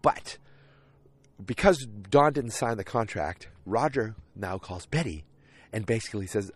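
A man's voice: fairly low pitch, very animated, normal speed. A man casually recapping a TV episode, rambling along with lots of fillers and restarts.

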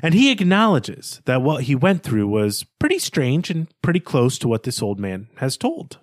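A man's voice: medium pitch, huge pitch swings, normal speed, dry recording. A man co-hosting a podcast recaps a story in an easy, conversational voice. He talks in loose, chatty sentences and backs up often to restart them. His voice sits in a middle range, and the recording is dry and close. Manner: chatty, many fillers and restarts. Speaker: podcast co-host.

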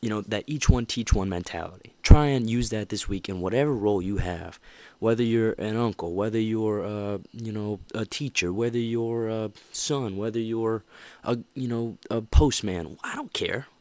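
A man's voice: on the low side, normal speed, darkish tone, dry recording. A man hosting a motivational podcast, talking in a rambling, earnest way with many restarts and "you know"s. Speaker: podcast host.

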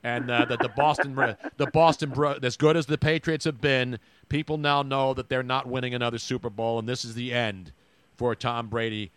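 A man co-hosting a sports podcast, talking in an animated, rambling, teasing way. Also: mid-range voice, moderate pace, no room sound. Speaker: podcast co-host. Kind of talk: casual sports chat.

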